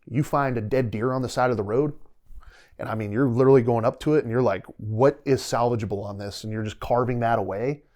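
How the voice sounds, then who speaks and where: A man's voice: medium pitch, fast, a little mellow. Middle-aged man telling stories, rambling. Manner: rambling, vivid retelling with quoted inner dialogue. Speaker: podcast guest, retired soldier. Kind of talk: casual storytelling interview.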